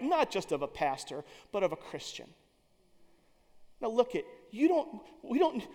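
A male pastor preaching a sermon, telling the story dramatically and swinging from loud passages to hushed ones. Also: high-pitched. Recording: long reverb of a large hall.

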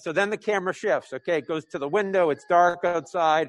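A man's voice: high-pitched, a little fast, few pauses, no echo. A man from New England preaching conversationally, painting a scripture story like a film scene with many fillers and restarts. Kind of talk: sermon told as a vivid imagined film scene.

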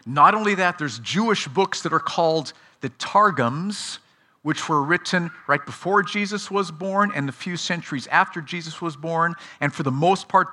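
A man's voice: on the high side, bright, forceful tone. A man teaching Bible prophecy to children in a sermon, asking them questions and praising their answers.

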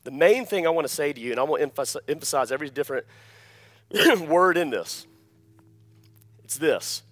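High-voiced guy preaching, emphatic, keeps asking amen?, goes loud then drops real quiet. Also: animated, moderate pace, long pauses. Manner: emphatic, repeats key phrases, calls "Amen?" to the congregation; swings between loud emphasis and quiet, low-voiced asides. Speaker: pastor. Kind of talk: sermon.

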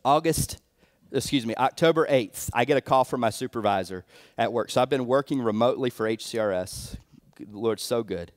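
A man's voice: medium pitch, a little fast. A young adult man, a pastor, telling his own story in a sermon, in a loose conversational way full of fillers and restarts. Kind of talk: sermon testimony.

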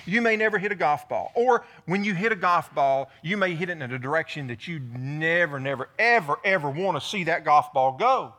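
A man preaching a sermon, telling stories in an animated way and acting out the dialogue in his stories. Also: a little high, brisk, hardly any pauses. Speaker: pastor. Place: church sanctuary.

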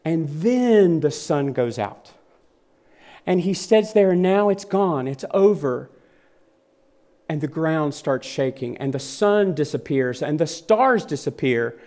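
A male preacher delivering a sermon at an unhurried, measured pace. His voice sits a little higher than most men's. He speaks earnestly and vividly, and he leans on repetition for weight. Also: a little mellow.

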